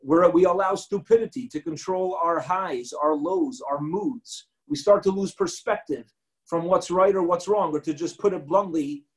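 A rabbi delivers a Torah talk in a notably high male voice. He tells his story with animation, acting out the quoted lines and sprinkling in Hebrew and Yiddish words. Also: animated, moderate pace, low-quality recording.

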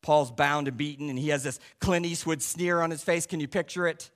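Male pastor, sermon, fairly high voice, punchy emphasis, frequent rhetorical questions, drops low and soft for asides. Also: steady tone, fairly quick. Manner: swings between loud stresses and quiet low asides.

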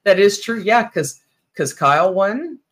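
A woman co-hosts a live stream alongside her husband in relaxed conversation. She teases him dryly and laughs easily, chiming in with quick corrections. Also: medium pitch, husky. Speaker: co-host, host's wife. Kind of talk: casual chat.

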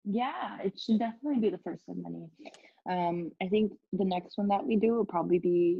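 A woman from the United States, a guest in a casual interview, bubbly and quick to laugh. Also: medium pitch, creaky, breathy edge, no room sound, muffled recording.

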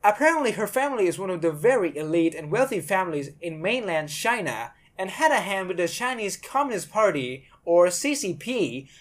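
A woman's voice: lowish voice, big pitch swings, brisk, few pauses. A woman hosting a podcast, giving blunt, sarcastic commentary and swearing freely. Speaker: podcast host.

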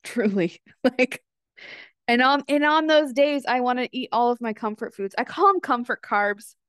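A woman's voice: a little high, animated, normal speed, fairly bright tone, clear, resonant tone, no echo. Candid chatty woman podcaster, dry sound. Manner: candid, chatty, swears freely. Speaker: podcast host. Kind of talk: casual confessional podcast monologue.

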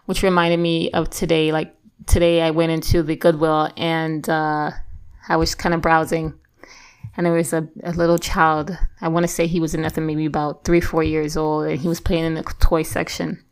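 A woman teaching Christian devotion speaks earnestly and encouragingly in a chatty style full of fillers and restarts. Her low-pitched voice is clear and resonant, delivered flatly at a normal speed.

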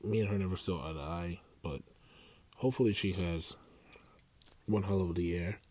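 A man's voice: low-pitched, normal speed, darkish tone, no echo. A young man rambling through a casual solo podcast, with many fillers and restarts. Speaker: podcast host.

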